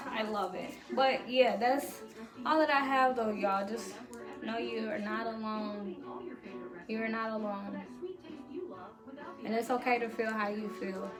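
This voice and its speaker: A woman's voice: on the high side, fairly even intonation, a little slow, long pauses. Profane, reassuring woman vlogger, music behind. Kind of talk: motivational talk to camera.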